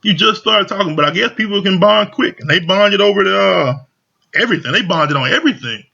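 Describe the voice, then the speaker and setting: A man's voice: sits high, animated, a little fast, gravelly, pushed and bright. A man casually recapping a reality show, talking loosely with lots of slang and fillers. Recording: dull lo-fi audio.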